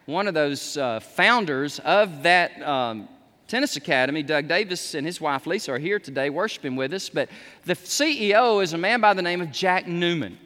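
A man's voice: on the high side, expressive, moderate pace. A man, preaching a sermon with emphatic peaks on key words. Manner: emphatic, rising to near shouts on key words. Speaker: pastor. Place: church sanctuary. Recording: long reverb of a large hall.

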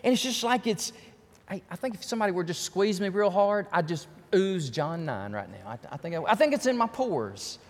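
A pastor preaching a fervent sermon, repeating himself and rising to shouts. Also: male voice, sits high, sing-song, brisk. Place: church sanctuary. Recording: long reverb of a church hall.

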